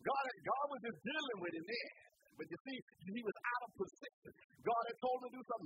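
Male preacher, high voice, folksy call-and-response sermon delivery with faint room noise. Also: animated, fast talker, few pauses, fairly bright tone, low-quality recording. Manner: folksy, speaks to young people with everyday examples.

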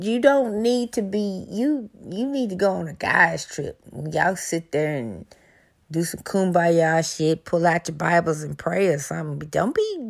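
A woman's voice: medium pitch, vocal fry. Brash, profane woman ranting. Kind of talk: explicit comedic monologue.

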